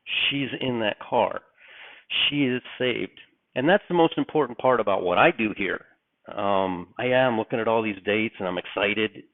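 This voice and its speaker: A middle-aged man giving a casual religious talk, rambling and animated with many restarts. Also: mid-range voice, dry recording. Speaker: online religious commentator. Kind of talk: casual preaching talk to camera. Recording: tinny, phone-like, dry sound.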